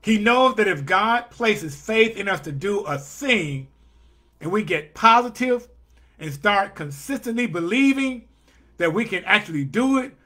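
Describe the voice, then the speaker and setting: Man, pastor, sermon, emphatic repeated phrases, high voice. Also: bright, forceful tone. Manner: emphatic, repetitive preaching cadence; slows and stresses key phrases.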